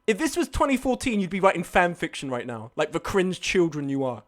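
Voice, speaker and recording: A man's voice: high voice, big pitch swings, fairly quick. A young man telling a night-out story on a live stream, swearing and arguing back at his chat. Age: young adult.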